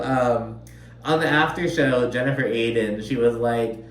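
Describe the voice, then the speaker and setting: A man chats his way through a reality show recap in a loose, profane style, leaning on "like" throughout. His voice sits at an average pitch and echoes in a roomy space. The mic stands back from him, with a faint hum underneath. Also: brisk, distant mic. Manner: chatty, profane, lots of "like". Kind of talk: casual recap commentary.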